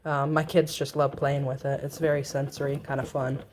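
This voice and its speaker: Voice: mid-range voice, level tone, moderate pace, slight background noise. A small-farm owner chatting casually through a how-to demonstration, explaining as they go with plenty of ums and uhs.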